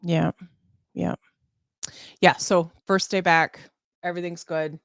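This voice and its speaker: Woman, lowish voice, chatty live-stream co-host who drifts off topic, dry close sound. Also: level tone, slow, vocal fry, dry recording. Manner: chatty, easily sidetracked, laughing. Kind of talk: casual live-stream chat.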